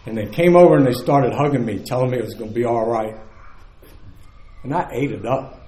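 A man's voice: medium pitch, a little fast, dark tone, reverberant. Candid man telling his story. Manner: candid, conversational, earthy, laughs through the story. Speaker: speaker sharing his story at a recovery meeting. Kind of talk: personal testimony to a live audience.

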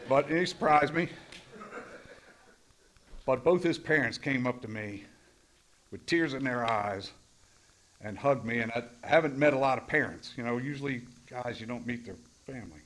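A man's voice: mid-range voice, moderate pace, long pauses, fairly bright tone, slight background noise. A middle-aged man sharing his recovery story at a support meeting, blunt and profane, rambling with restarts. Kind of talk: personal recovery share.

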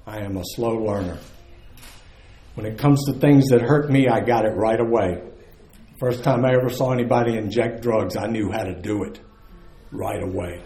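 A man's voice: mid-range voice, mellow, roomy sound. A man, telling his recovery story to a live meeting in a candid, earthy, conversational way. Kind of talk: personal testimony to a live audience.

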